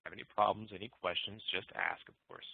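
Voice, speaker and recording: Low-voiced man lecturing over tinny audio. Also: fast, creaky, breathy edge, no room sound. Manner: relaxed, thinking aloud with fillers and restarts. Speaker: programming instructor. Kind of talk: recorded lecture explaining code. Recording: muffled phone-like dry audio.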